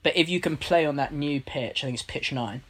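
A man's voice: a little high, a bit bright, slight background noise. A man hosting a casual chat, talking loosely and swearing now and then. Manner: chatty, swears casually, quick reactions. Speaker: podcast host.

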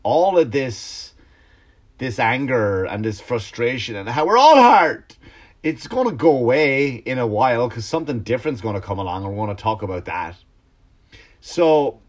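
A man ranting at ordinary pitch in a casual podcast monologue. He is a comedian who swears freely and restarts his sentences as he goes, and the whole thing stays animated. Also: moderate pace.

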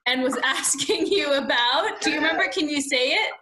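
A woman's voice: high-pitched, normal speed, bright, forceful tone, a little hiss or hum. A woman co-hosting a casual podcast, giggly and rambling with many fillers. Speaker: podcast co-host.

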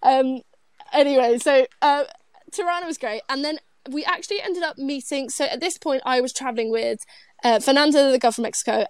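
A woman's voice: high voice, dry recording. A young British woman co-hosting a podcast, chatty and giggly, full of fillers like "like". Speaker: podcast co-host. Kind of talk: casual podcast chat.

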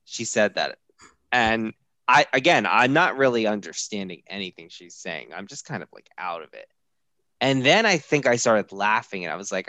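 Low-voiced man telling a lively story. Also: normal speed, no room sound. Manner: animated, acts out quoted voices. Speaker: podcast co-host. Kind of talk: casual storytelling chat.

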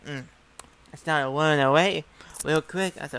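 Man, casual storytelling, profane and rambling, fairly high voice. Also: steady tone, a little slow, fairly bright tone, clear, resonant tone. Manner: profane, rambling, acts out dialogue.

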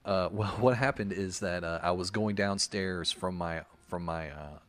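A man's voice: deep voice, moderate pace, fairly bright tone. A man in his thirties chatting casually as a podcast co-host, rambling through stories and patiently explaining things. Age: 30s. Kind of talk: casual chat.

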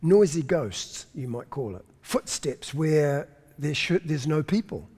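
A man's voice: a little high, expressive, slow pace, a little mellow, husky. Man preaching in a reverberant hall. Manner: storytelling preacher, emphatic, repeats words when searching. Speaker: pastor. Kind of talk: sermon.

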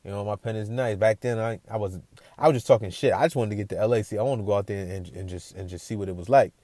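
A man's voice: fairly low pitch, fast talker, mellow, no room sound. A man telling a casual story as a podcast host, slangy and repeating himself while checking in with the listener.

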